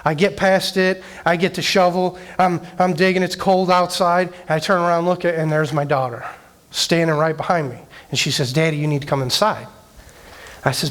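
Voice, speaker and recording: A middle-aged youth director telling an emotional personal story in a conversational sermon, with many fillers. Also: male voice, a little high, steady tone, fairly quick.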